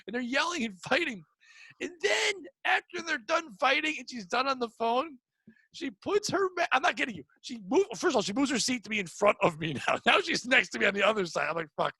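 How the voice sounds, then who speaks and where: Podcast host, male, high and bright, swears a lot, bursts into loud yelps mid-story. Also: big pitch swings, fast talker, breathy edge, no room sound. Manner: rambling, profane, loud outbursts. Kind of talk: casual comedic storytelling.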